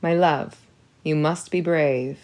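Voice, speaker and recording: A woman doing a calm, lower-voiced father. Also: slow. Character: genial middle-aged father, man.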